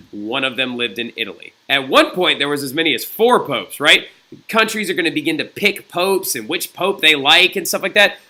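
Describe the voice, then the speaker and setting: Guy teaching history in a recorded lesson, really bright voice, a bit high, rambly and chatty. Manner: chatty, digressive, checks in with "right?". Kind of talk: recorded classroom lecture.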